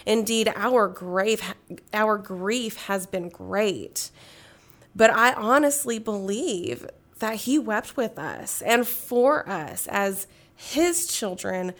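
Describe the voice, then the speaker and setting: A woman's voice: medium pitch, expressive. Earnest woman sharing a grief story. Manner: earnest, emotional, reads scripture slowly and solemnly. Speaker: interview guest. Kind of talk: heartfelt personal testimony.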